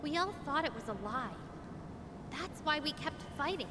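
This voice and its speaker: A woman's voice: lively intonation, normal speed. An actress voicing an earnest, troubled young woman fighter from a resistance group in a video game. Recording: game audio with rumble under it.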